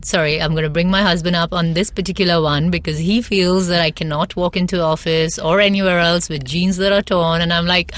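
Female guest stylist from India, low-pitched, animated and filler-heavy. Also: brisk, hardly any pauses. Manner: chatty and animated, many fillers. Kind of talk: casual interview chat.

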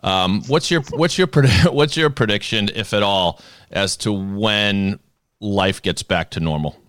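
Casting: male podcast host, Boston accent, deep voice, rambling and joking, dry close sound. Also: unhurried, fairly bright tone, clear, resonant tone, no echo. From Boston area. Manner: jokey, rambling with many restarts. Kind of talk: casual chat.

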